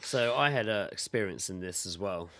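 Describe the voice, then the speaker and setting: A man's voice: low voice, lively intonation, normal speed, sharp tone. A young man co-hosting a podcast, telling blunt, sweary stories in casual chat. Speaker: podcast co-host.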